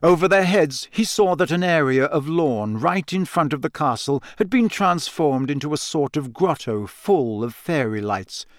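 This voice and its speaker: A man narrating a storybook in a steady reading voice, raising his pitch for the girls' quoted lines. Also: moderate pace, few pauses, dry recording, studio quality. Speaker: audiobook narrator. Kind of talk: scripted narration.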